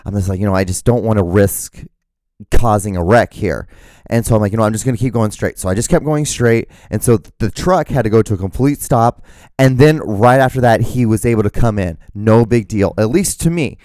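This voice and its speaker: A man's voice: on the low side, brisk, darkish tone, no room sound, clean studio sound. A young man hosting a solo podcast, rambling through a story with lots of restarts and casual swearing. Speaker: podcast host.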